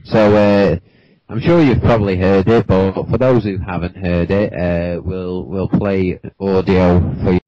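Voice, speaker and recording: A man's voice: low-pitched, fairly even intonation, measured pace, mellow, no room sound. A British man hosting a casual football podcast, rambling with lots of likes and you knows. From Britain. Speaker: podcast host. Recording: dull lo-fi podcast mic.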